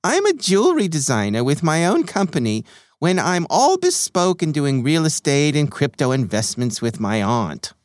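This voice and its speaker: A man voicing a female text scammer with a breathy voice, who speaks in overly polite, broken phrases. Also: a little high, sing-song, moderate pace, no echo, clean studio sound. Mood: sweet. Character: breathy woman texting scammer.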